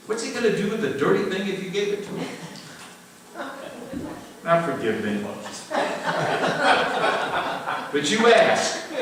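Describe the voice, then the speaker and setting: An older American man teaching a church Q&A, lively and emphatic, laughing often and repeating words for emphasis. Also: fairly high pitch, slight background noise. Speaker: pastor teaching a Q&A. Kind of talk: conversational Bible teaching. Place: church sanctuary. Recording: very echoey room, mic far off.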